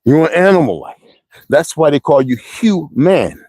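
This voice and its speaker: A man's voice: on the high side, very animated, normal speed, a little mellow, breathy edge, dry recording. A man, telling rambling stories in a blunt, profane monologue to his viewers, heavy with slang. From United States. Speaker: streamer ranting to viewers.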